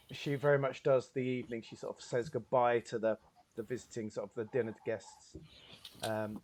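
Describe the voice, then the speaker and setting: A man's voice: fairly low pitch, noisy background. Man narrating as game master. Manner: casual, hedging with filler words.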